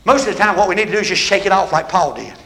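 A man preaching a sermon with call-and-response that builds into shouting. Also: sits high, very animated, rapid-fire, creaky.

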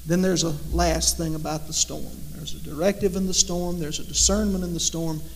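A man preaching a sermon, rising to loud emphatic lines and dropping to hushed, slow ones. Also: on the high side, steady tone, in a large hall, slight background noise.

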